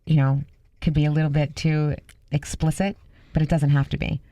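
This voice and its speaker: A woman's voice: low voice, little pitch movement, normal speed, dark tone, no room sound. A woman co-hosting a radio show, giving earnest advice with easy laughter. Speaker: radio co-host.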